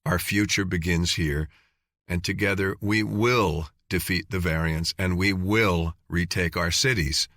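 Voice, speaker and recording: A man voicing a tough male master sergeant who speaks in an earnest, measured, restrained way. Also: low voice, steady tone, a bit bright, dry recording, studio quality.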